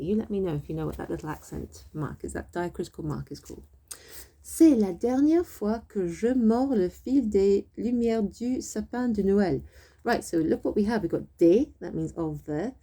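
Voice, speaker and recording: A woman's voice: fairly low pitch, gravelly, warm tone, slightly rough. Chatty woman teaching French. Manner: chatty, explains step by step, switches between English and French. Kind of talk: casual online language lesson.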